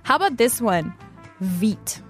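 Young woman co-host, mid-pitched, teasing and giggly, light music underneath. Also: expressive, slow pace, a bit bright. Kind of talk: casual scripted chat.

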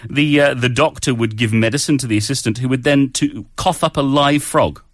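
A man's voice: medium pitch, a little fast, no echo, studio quality. A man co-hosting a casual chat about English idioms, easygoing and joking as he tells word origins. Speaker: co-host.

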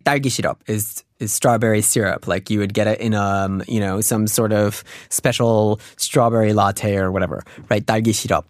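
Relaxed male language teacher. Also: fairly low pitch, quick pace, few pauses, no echo, studio quality. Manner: relaxed, patient explaining with many fillers. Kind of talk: casual explanatory lesson.

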